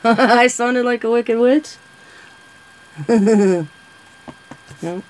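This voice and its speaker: A woman with a somewhat high voice rambles through stories on a casual live stream. She talks straight to her viewers and answers their comments as she goes. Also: drawn-out words, darkish tone, poor audio. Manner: rambling, chatty storytelling to viewers. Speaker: vlogger.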